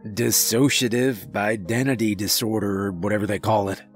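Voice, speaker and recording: A man voicing a calm, compassionate police chief who speaks softly and gently. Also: on the low side, faint music behind, lightly acted. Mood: gentle. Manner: soft, gentle, measured.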